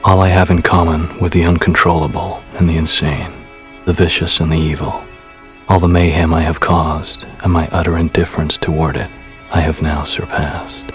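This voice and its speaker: A man's voice: deep voice, level tone, moderate pace, over music, natural voice. A man playing a cold, indifferent killer who confesses in a detached, icy way.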